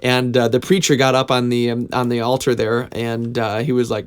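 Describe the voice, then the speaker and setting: A singer-songwriter man in a home studio tells a casual story to camera. He rambles along with plenty of ums and uhs at a middling pitch, chuckling here and there. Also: little pitch movement, normal speed, clean tone. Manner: rambling, filler-heavy, chuckling.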